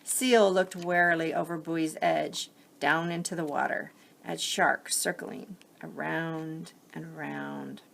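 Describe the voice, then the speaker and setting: Slow, gravelly-voiced woman reading a storybook. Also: low voice, steady tone. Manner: gentle, pausing to explain the story. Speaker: teacher reading to children. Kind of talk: reading a picture book aloud.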